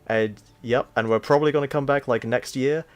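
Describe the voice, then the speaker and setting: A man's voice: medium pitch, a little fast. A man co-hosting a casual live stream, weary, with dry, self-mocking remarks. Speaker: co-host.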